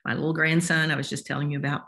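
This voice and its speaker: An older woman, an author talking as a guest in an interview, explaining warmly and acting out voices as she goes. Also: low voice, very fast, creaky. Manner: expressive, acts out voices while explaining. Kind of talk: interview conversation.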